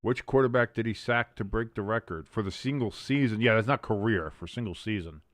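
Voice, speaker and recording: A man hosting a live watch-along stream, calling the plays casually and jumping sharply in pitch and volume on big moments. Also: fairly quick, a bit bright, dry recording, studio quality. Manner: mumbles and scats to himself while thinking. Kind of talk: casual live play-by-play commentary.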